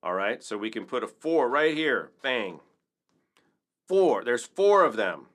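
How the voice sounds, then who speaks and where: A man's voice: medium pitch, very animated, measured pace, a bit bright. A man teaching a casual rhythm lesson, upbeat and chatty, counting beats aloud. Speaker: percussion teacher.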